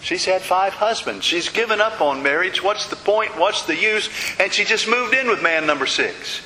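A man delivers a sermon in a slightly high, forceful, bright voice, retelling stories dramatically and circling back to repeated refrains. The sound carries a long hall reverb and a faint hiss. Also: expressive, normal speed. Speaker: preacher.

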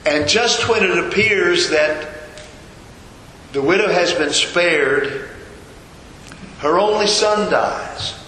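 A man's voice: high voice, slow pace, long pauses, bright, forceful tone, echoey room, long reverb tail, a little hiss or hum, poor audio. A man preaching a sermon, retelling a scripture story and repeating rhetorical questions. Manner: storytelling, voices the figures' quoted lines, rhetorical questions.

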